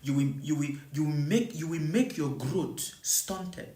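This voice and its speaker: This live spiritual teaching comes through in an unhurried, mellow, mid-range voice with plenty of reverb. Again and again the teacher repeats points and poses rhetorical questions about whether listeners understand, preaching with emphasis and repetition.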